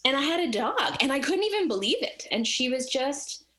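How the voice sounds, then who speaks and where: A woman telling a personal story in casual chat, animated and acting out the voices of the people in it. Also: sits high, normal speed.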